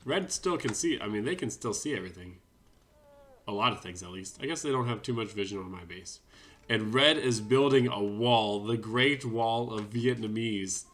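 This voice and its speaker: Chatty low-voiced man narrating a game replay. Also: moderate pace, fairly bright tone. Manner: chatty, self-deprecating, wry asides. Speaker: gaming commentator. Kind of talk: casual game replay commentary.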